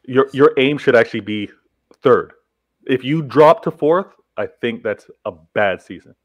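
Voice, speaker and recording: A man's voice: medium pitch, unhurried. A man arguing his point in a casual football debate, repeating himself and laughing at times. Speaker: football pundit.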